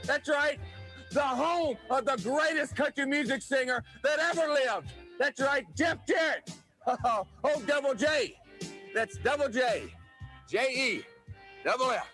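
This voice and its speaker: A man's voice: very high voice, measured pace, bright, forceful tone, soft background music, voice pushed up, exaggerated voice. A man playing a cocky young country-singer wrestler in a boastful, taunting promo vignette. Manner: boastful, taunting, spells out his name.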